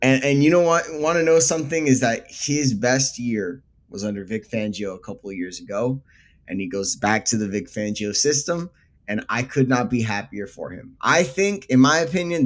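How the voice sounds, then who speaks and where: A man co-hosting a casual sports chat, emotional and exasperated, with frequent stammering restarts. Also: mid-range voice. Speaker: co-host.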